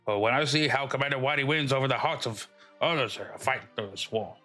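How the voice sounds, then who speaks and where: A man reading the lines of a proud, loyal old male general from a video game, in a solemn, slower delivery. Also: medium pitch, bright, forceful tone, soft background music, natural voice.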